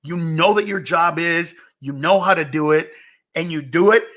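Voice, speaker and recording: A man's voice: a little high, normal speed, a bit bright. A young male comedian, a guest on a talk show, telling stories in an emphatic, insistent and profane way. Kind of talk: animated comedic storytelling.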